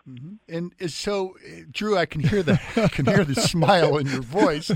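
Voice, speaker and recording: Halting man co-hosting a radio show. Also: a little high, husky, no echo, studio quality. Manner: warm, halting, with restarts. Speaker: radio co-host. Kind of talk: radio talk show interviewing.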